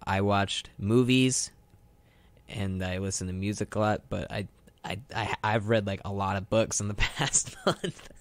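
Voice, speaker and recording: A man's voice: lowish voice, unhurried, no room sound. A young man co-hosting a college radio show, telling a story in a wry, casual way with repeated words, on a studio microphone.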